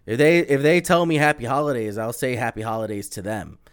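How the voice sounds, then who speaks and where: A man's voice: medium pitch, brisk, smooth, no room sound, studio quality. A man hosting a casual podcast, talking in a blunt, profane way. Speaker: podcast host.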